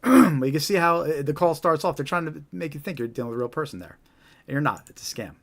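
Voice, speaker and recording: A man's voice: a little high, animated, quick pace, gravelly. A man hosting a live stream, explaining things casually and often asking "right?". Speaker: host.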